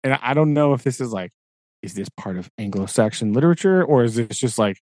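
A man's voice: mid-range voice, lively intonation, quick pace, a little mellow, no room sound, studio quality. A man co-hosting a podcast in casual chat, rambling and tagging his points with "right?". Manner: chatty, peppers talk with "right?" and "like". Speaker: podcast co-host.

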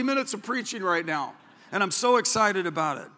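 A man preaching a sermon as pastor, telling a story in an animated, excitable way. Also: high voice, a little fast. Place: church. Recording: echoey church hall.

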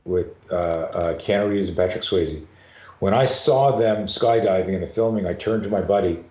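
Middle-aged Canadian-raised guest, lowish voice, animated, swearing storyteller, echoey room. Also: male voice, normal speed. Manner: animated, profane, acts out voices in his anecdotes. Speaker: podcast guest, self-defense and fear expert. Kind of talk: storytelling in a podcast conversation.

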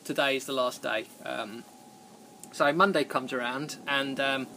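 A man's voice: medium pitch, unhurried, creaky, pushed and bright, slight background noise. A man hosting a podcast, telling a rambling, self-deprecating story in casual chat and laughing often. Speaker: podcast host.

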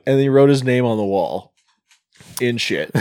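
A man co-hosting a podcast in casual chat about a horror movie, joking with quick interjections and easy laughter. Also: mid-range voice, expressive, darkish tone, no echo. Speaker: podcast co-host.

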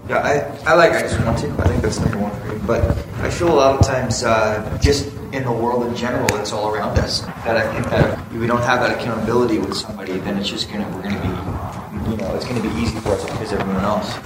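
Quick, earnest man in an echoey room. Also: fairly low pitch, steady tone, very noisy. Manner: earnest, halting. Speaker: guest. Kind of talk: casual discussion. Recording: echoey room with loud background ambience.

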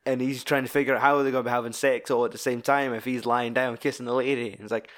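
A man's voice: medium pitch, level tone, quick pace, hardly any pauses, a bit bright. A Scottish man in casual film-discussion chat, swearing freely as he retells scenes with animation.

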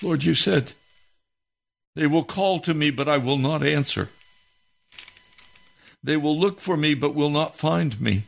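A man pours out an impassioned prayer, pleading and heavy-hearted. His voice is gravelly and sits fairly high, and he speaks very slowly.

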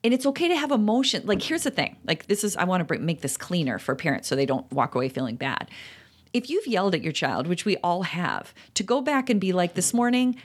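A middle-aged woman co-hosting a parenting talk, speaking emphatically and jumping up in pitch on key points. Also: sing-song, brisk, breathy edge. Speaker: podcast co-host, parenting author. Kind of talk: casual conversational chat.

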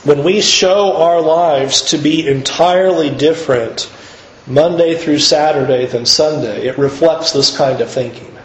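A man preaching a sermon in an earnest, emphatic way, pushing his pitch up to stress his points. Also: a little slow, roomy sound, rough recording.

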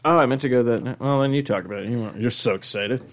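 A man's voice: medium pitch, fast talker. A man hosting a casual podcast, rambling with many restarts and swearing casually. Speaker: podcast host. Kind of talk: casual chat.

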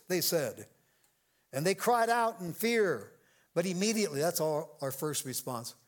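Male pastor, high lively voice, animated sermon delivery with acted-out quotes. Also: measured pace. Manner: animated preaching, acts out quoted voices, jokes with the congregation. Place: church sanctuary with congregation.

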